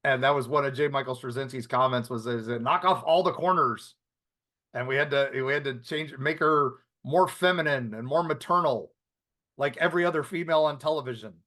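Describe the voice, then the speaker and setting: A man's voice: mid-range voice, fairly quick, fairly bright tone. A man co-hosting a podcast, chatting casually and rambling through restarts and asides. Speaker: podcast co-host. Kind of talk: casual chat.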